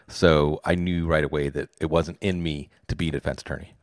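A man's voice: very deep voice, fairly even intonation, a little fast, no echo, clean studio sound. A man in his forties from Pittsburgh, a fantasy football podcaster telling stories in a casual interview, enthusiastic and self-deprecating.

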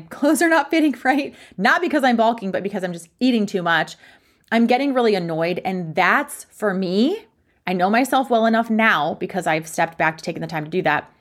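A young woman hosting her own podcast as a fitness coach, talking frankly and chattily, poking fun at herself. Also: mid-range voice. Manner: frank, chatty, self-deprecating. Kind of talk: candid solo podcast talk.

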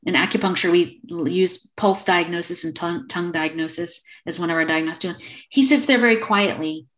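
A woman in her fifties speaks as a podcast guest over a remote call. Her voice sits a little low, and she tells her story conversationally, slipping into lively voices for the people she quotes. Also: brisk. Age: 50s. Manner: animated, acts out quoted dialogue.

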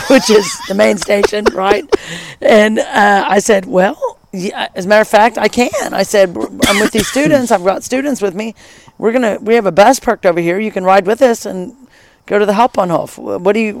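A middle-aged former high school teacher telling a travel story in casual chat, lively and enthusiastic, with many asides. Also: fairly quick, no room sound.

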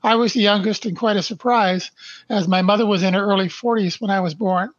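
Older man, slow and emphatic, dull lo-fi audio. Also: high-pitched, steady tone, no room sound. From Canada. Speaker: podcast guest. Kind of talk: interview, reading his life story aloud.

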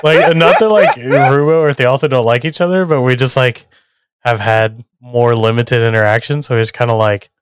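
A man's voice: mid-range voice, normal speed, smooth, no room sound, clean studio sound. A man playing in a tabletop game, chatting casually with lots of fillers. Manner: casual, rambling, filler-heavy. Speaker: player.

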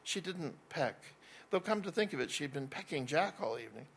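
A man's voice: on the high side, expressive, brisk, vocal fry, a bit bright, breathy edge. A man reading a first-person novel aloud in a wry voice, with small slips and restarts. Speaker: narrator.

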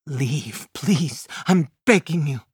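A woman playing a scared young mother in an audiobook, speaking low and hushed in a deep, slow voice as she pleads. The sound is dry and close to the mic. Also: expressive, slightly rough, dry recording, full character voice. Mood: hushed, pleading.

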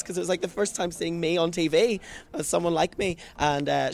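A man's voice: fairly high pitch, fairly quick, creaky. A Northern Irish man in his twenties, a drag performer telling stories as a guest in a casual interview. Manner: chatty, self-mocking storyteller.

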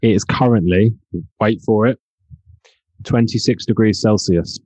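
Young guy from the uk on a podcast, chill and jokey, lowish voice, dry sound. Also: measured pace, a little mellow, breathy edge, no echo. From United Kingdom. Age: 20s. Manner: easygoing and jokey, a little self-deprecating. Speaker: podcast guest, video coach. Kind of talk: casual podcast interview.

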